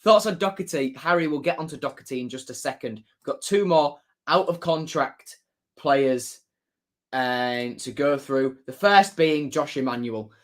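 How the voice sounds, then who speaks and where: A chatty man talks casually on a live stream, reading viewer comments aloud. His voice sits a little high for a man. He laughs easily and tends to say things twice. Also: a little slow. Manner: chatty, laughs often, repeats his phrases. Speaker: football fan streamer.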